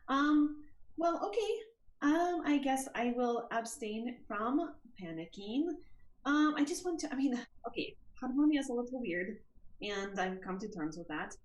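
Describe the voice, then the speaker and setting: Woman player, animated, hesitant, talks in character; echoey room sound. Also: on the high side, measured pace, highs cut off. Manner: chatty and hesitant, many fillers. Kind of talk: in-character tabletop role-play.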